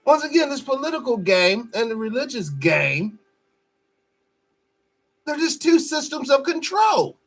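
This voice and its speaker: A man's voice: very high-pitched, very animated, measured pace, long pauses, fairly bright tone. A man hosting a show, giving blunt, profane and mocking commentary over a played clip. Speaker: host.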